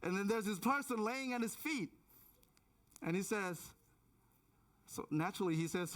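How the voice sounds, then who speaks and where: A man in his thirties preaching a sermon in a church, telling a personal story with frequent restarts and hushed moments for suspense. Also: high-pitched, lively intonation, moderate pace, long pauses. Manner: many restarts and repeated words. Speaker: pastor. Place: church auditorium.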